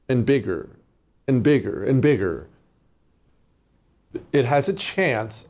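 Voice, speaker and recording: A man's voice: mid-range voice, a little mellow. A man hosting a political talk radio show, delivering an emphatic, sarcastic monologue.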